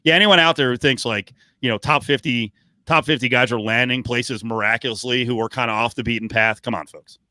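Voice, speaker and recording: Bright, dry-voiced man rambling casually. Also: medium pitch, fairly even intonation, a little fast, dry recording. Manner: rambling, profane, many restarts and fillers. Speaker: podcast co-host. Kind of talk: casual sports talk.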